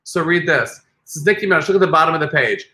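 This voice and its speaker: A man co-hosting a podcast in casual chat, animated and teasing, swearing freely. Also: fairly high pitch, fast. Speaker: podcast co-host. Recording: echoey room.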